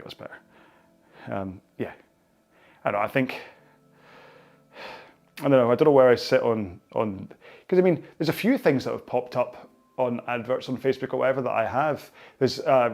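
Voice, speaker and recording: A man's voice: medium pitch, creaky, a little mellow. A man with a Scottish accent leading a follow-along stretching cooldown, chatting in a rambling, jokey way. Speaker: fitness instructor.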